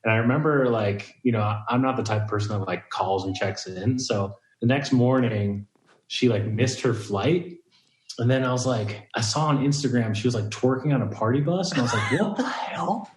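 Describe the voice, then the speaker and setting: A man's voice: mid-range voice, normal speed, echoey room, rough recording. A man rambling casually as a podcast guest over a video call, full of "like" and easy laughter. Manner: rambling, lots of "like", laughs easily.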